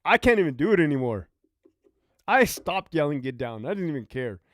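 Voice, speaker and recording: Male streamer, high lively voice, dry close sound, animated and profane. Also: brisk, no room sound. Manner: animated, profane, reads out viewer comments. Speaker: livestream host, former prison officer. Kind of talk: casual livestream chat.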